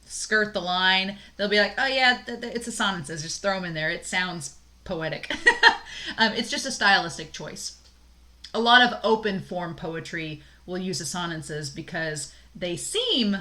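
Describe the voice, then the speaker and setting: A woman's voice: mid-range voice, bright, forceful tone. A woman instructor giving a recorded college lecture on poetry terms, explaining casually with fillers and small laughs.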